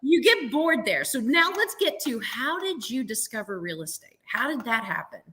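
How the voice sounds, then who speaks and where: High bright lady host, swoops all over, super enthusiastic and flattering. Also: moderate pace. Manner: enthusiastic, flattering, sums up the guest's story. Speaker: podcast host. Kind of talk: conversational interview.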